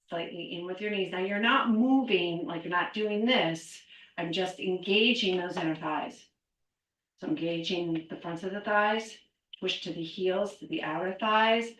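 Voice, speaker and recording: A woman's voice: lowish voice, distant mic. A middle-aged woman teaching a qigong class, counting aloud and cueing movements while a little out of breath. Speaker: qigong instructor. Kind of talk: guided exercise class. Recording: echoey room, voice away from mic.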